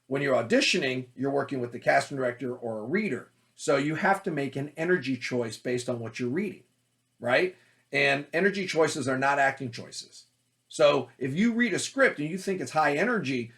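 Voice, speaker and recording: Loud, energetic male acting coach. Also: medium pitch. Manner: loud, forceful, energetic delivery. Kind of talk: teaching talk on auditioning.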